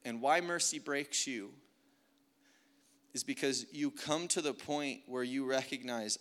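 A man's voice: mid-range voice, a little slow, a bit bright. A young man giving an emotional, earnest testimony sermon, often saying "like" as he speaks. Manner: earnest, emotional, many "like" fillers. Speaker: preacher.

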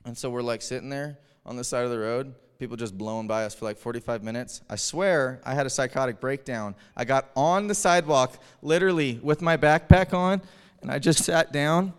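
A man preaching, telling a personal story with animated energy and frequent chuckles. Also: medium pitch, fairly quick, clean tone. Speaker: pastor. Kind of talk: storytelling sermon. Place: church hall. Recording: reverberant hall.

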